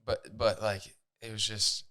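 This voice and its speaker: A young man, a guest on a casual podcast, telling a story in a soft-spoken, reflective way. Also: lowish voice, level tone, measured pace. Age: young adult. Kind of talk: casual chat.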